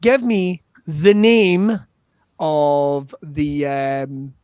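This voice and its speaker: A man hosting an improv livestream in an excitable, jokey way, swearing freely. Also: fairly high pitch, extremely slow, clean tone, no room sound, clean studio sound. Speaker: improv show host.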